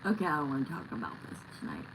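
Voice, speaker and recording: A woman's voice: low-pitched, wildly swooping pitch, very fast, background noise. A middle-aged woman hosting a live tarot stream, chatting casually and bluntly with viewers and swearing now and then.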